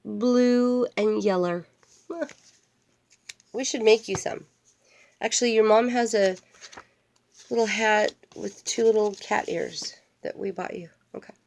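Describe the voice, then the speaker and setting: A woman's voice: mid-range voice, a little slow, gravelly, pauses often, a little mellow, slight background noise. An older woman, a grandmother, reading a storybook aloud to her grandchild and wandering into playful, chatty asides. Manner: playful, digressive, talks straight to a grandchild.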